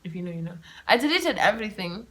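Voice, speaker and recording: A young woman hosting her own podcast, telling a story in a chatty, animated, self-mocking way. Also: mid-range voice, fast talker. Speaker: podcast host. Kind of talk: casual solo storytelling. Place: room at home with the windows open.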